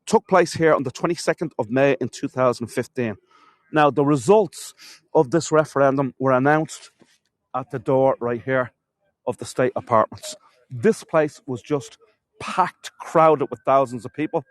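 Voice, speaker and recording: Irish male tour guide, mid-pitched, chatty storyteller, dry close sound. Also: normal speed, dry recording. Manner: chatty storyteller, addresses viewers as folks. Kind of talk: live walking-tour stream. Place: castle courtyard outdoors.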